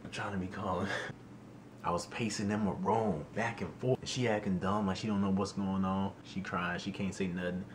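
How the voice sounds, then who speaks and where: A young man telling a storytime vlog in an animated, slangy way, often exclaiming in disbelief. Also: low voice, normal speed, noisy background. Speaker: YouTuber.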